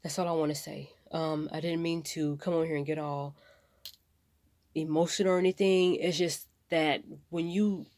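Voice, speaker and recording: Woman vlogger, low-ish voice, emotional and rambling, holding back tears, dry close sound. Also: steady tone, normal speed, darkish tone, no echo. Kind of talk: emotional personal vlog.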